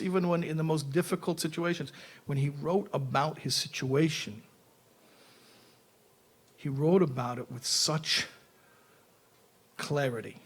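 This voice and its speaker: A rabbi giving an animated Torah lecture, telling a parable and often repeating words as he restarts. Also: fairly high pitch, gravelly. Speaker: rabbi teaching.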